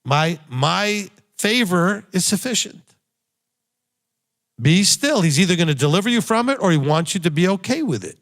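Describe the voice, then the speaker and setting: A man's voice: high-pitched, very animated, moderate pace, fairly bright tone. A man, a rabbi, giving a sermon with blunt, emphatic exhortation and repeated key phrases. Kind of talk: recorded sermon teaching.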